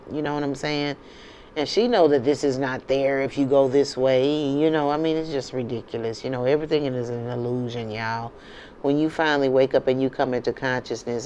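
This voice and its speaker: A woman's voice: extremely low pitch, dark tone, slight background noise. A woman from the United States hosting her own channel, talking casually and emphatically to her viewers and often checking in with "okay?" and "you know". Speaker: channel host.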